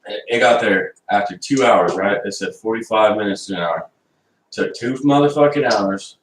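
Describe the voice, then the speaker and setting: A man's voice: on the low side, normal speed. A man complaining in casual chat, swearing as he recounts a grievance. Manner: griping, profane complaining. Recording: echoey room, far from the mic, faint noise.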